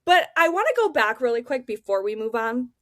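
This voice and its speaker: Young woman guest, candid and animated, swears freely, fairly high voice, dry sound. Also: a little fast, no room sound. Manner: blunt, animated, swears freely, acts out dialogue. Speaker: race car driver, interview guest. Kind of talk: candid casual storytelling.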